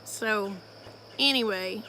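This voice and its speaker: A woman's voice: mid-range voice, takes it slowly, pushed and bright, a little hiss or hum. A woman, casually telling a family story to her live-stream viewers and breaking off to greet them. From Oklahoma, USA.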